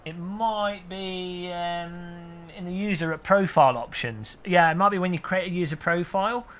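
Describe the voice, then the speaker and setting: Speaking at a moderate pace, the streamer has a high voice with a fairly bright tone. He keeps the live race commentary chatty and playful, reading messages and viewer names aloud.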